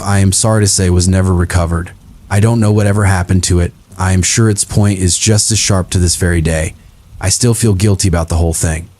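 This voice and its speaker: A man reading first-person horror stories as a narrator, in a slow, brooding, confessional delivery. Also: deep voice, a little mellow, no room sound.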